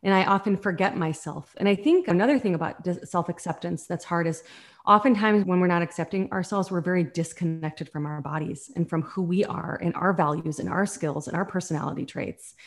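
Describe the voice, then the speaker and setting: A woman's voice: fairly low pitch, fairly quick. A woman who works as a coach, talking earnestly and reflectively in a conversation about self-acceptance. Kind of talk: podcast conversation.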